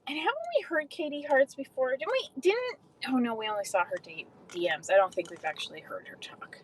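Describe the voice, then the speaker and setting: A woman's voice: sits high, expressive, brisk, a little hiss or hum, poor audio. A young adult woman casually chatting on a livestream, swearing freely and answering viewers' comments. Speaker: livestream host.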